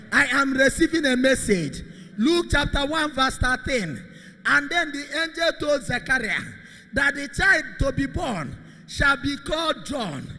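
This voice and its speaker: A man, a Catholic priest, leading prayer with shouted, repetitive declarations. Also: extremely high pitch, gravelly. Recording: long hall reverb.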